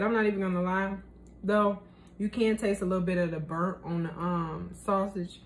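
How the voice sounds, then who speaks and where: A woman's voice: medium pitch, fairly even intonation, moderate pace. A young woman chatting casually in a cooking vlog, slangy and talkative, tasting her food as she talks. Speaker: vlogger.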